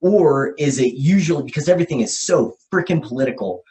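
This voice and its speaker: A man hosting a podcast, thinking out loud as he explains ideas at a whiteboard and often checks in with "okay?" and "right?". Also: on the high side, animated, a little fast. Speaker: podcast host. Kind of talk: casual explanatory podcast talk. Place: room with a whiteboard.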